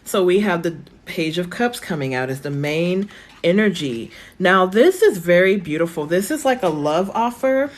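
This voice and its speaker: Chatty woman reading tarot, voice going hoarse. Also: on the low side, expressive, normal speed. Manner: chatty, reassuring, thinks aloud with many fillers. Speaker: tarot reader. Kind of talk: live-stream tarot reading. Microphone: phone.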